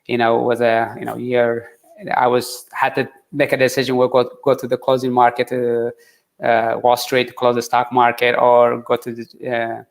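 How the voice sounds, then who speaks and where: A man telling his story in an interview, earnest and halting, with many fillers and restarts. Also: medium pitch, completely flat delivery, gravelly. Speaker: interview guest, marathon runner. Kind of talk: conversational interview.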